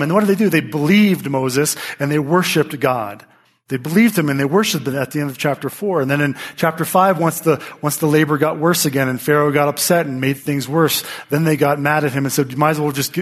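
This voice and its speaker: A man preaching a sermon, telling Bible stories in a lively way, with many rhetorical questions and quick restarts. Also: fairly high pitch. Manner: animated storytelling with frequent restarts and rhetorical questions. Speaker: pastor.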